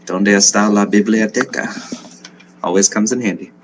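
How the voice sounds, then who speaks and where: A man's voice: fairly low pitch, normal speed, a little hiss or hum. A man playing a tabletop game, hesitant and playful. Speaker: player.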